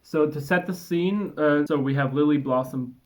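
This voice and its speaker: A woman's voice: low-pitched, moderate pace, a little mellow. A young woman in casual chat, sarcastically reviewing a book and reading quotes aloud with mock drama.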